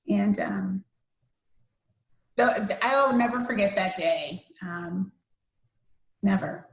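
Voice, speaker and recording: Earnest woman telling her story, roomy echo. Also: mid-range voice. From USA. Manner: earnest, many fillers and restarts. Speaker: interview guest, cancer survivor. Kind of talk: personal storytelling in a podcast interview.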